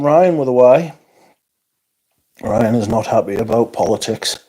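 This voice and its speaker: A man's voice: medium pitch, normal speed, mellow. A man hosting a casual livestream, tired, rambling and self-deprecating as he reads out viewer comments. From North East England. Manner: rambling, self-deprecating, frequent yawns and interjections. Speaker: livestream host.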